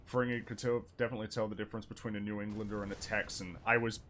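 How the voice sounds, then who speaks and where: An Australian man with a lowish voice chats casually while he games on stream. He rambles, hesitates and restarts his sentences, with a wry edge. A faint hum of noise sits behind him. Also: little pitch movement, very fast, fairly bright tone. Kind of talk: casual chat while gaming.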